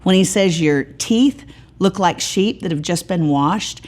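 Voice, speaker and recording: A middle-aged woman teaching a Bible study in a folksy, animated way, acting out quoted voices. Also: lowish voice, a little slow. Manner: animated, folksy, acts out voices when quoting.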